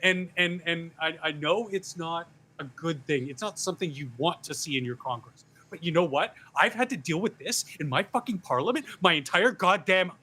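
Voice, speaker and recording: Bright, higher-voiced chatty man. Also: normal speed, a little hiss or hum. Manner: rambling, animated, swearing. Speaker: panelist. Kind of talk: casual panel chat.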